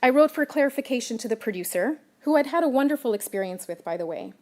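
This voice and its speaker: A woman journalist giving a prepared public talk, measured and emphatic, stressing key words. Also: a little high, lively intonation, darkish tone. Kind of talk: prepared lecture.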